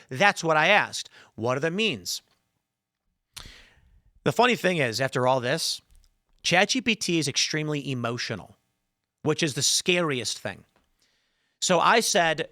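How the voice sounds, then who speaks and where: A man's voice: fairly high pitch, very animated, normal speed, sharp tone, no room sound, studio quality. A man hosting a podcast, telling an exasperated, sarcastic story and acting out both sides of his chats. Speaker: podcast host. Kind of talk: animated opinionated monologue.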